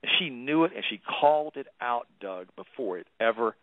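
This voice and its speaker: A man's voice: mid-range voice, lively intonation, moderate pace, background noise. A man in his fifties co-hosting a talk radio show, telling a long story in a rambling, emphatic way. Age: 50s. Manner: rambling, emphatic storytelling with repeated "she goes". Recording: phone-like radio broadcast audio.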